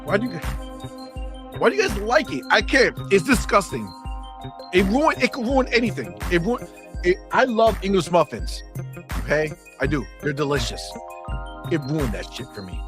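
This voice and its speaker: A man's voice: sits high, sing-song, normal speed, pauses often, over music. A male livestream host on a podcast, ranting in a profane, exasperated way. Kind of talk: livestream chat.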